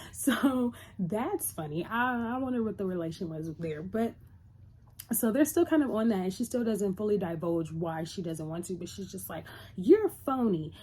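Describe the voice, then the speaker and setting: A woman's voice: medium pitch, darkish tone, husky. A woman casually recapping a TV episode in a loose, chatty retelling. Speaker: TV reviewer.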